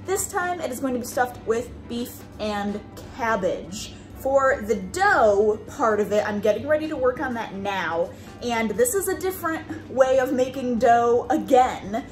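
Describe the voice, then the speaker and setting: Chatty woman cooking in her kitchen. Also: on the high side. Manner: chatty, explains each step plainly. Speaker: cooking vlogger. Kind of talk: casual step-by-step cooking talk. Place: home kitchen.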